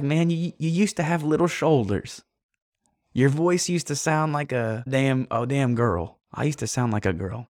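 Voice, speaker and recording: A man's voice: medium pitch, no echo, clean studio sound. A man delivering a blunt, profane motivational monologue, addressing the listener directly and emphatically. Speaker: motivational speaker.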